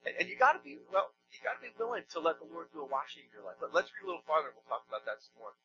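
A man's voice: fairly high pitch, huge pitch swings, very fast, highs cut off, background noise. A man preaching a sermon in a church, conversational and emphatic, with joking asides. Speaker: pastor.

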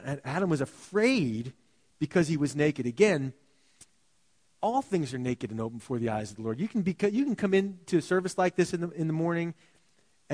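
A male pastor giving a sermon, talking casually and animatedly, often dropping to a hushed voice. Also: high-pitched, big-room sound. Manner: animated, conversational preaching with sudden quiet drops. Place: church sanctuary.

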